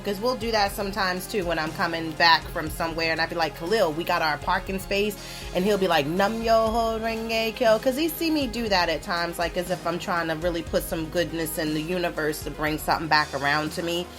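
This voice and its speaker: A woman's voice: lowish voice, a little fast, music in the background. A woman in her thirties hosting a podcast, telling stories in a casual, profane way and mocking the people she quotes. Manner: profane, animated storytelling with mocking quoted voices. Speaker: podcast host. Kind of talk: casual explicit monologue.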